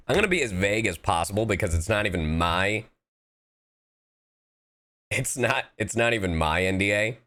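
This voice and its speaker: Playful male streamer, lively delivery. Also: on the low side, a little slow, long pauses. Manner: playful, goofy asides and repeated phrases. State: slightly sick, coughing. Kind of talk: casual live-stream chat.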